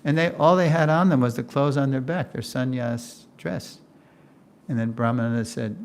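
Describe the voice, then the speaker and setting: A gravelly older man tells a story to a class. He talks in an animated way, acts out what people said, and laughs as he goes. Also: mid-range voice, normal speed, slight background noise. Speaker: lecturer. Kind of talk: storytelling lecture.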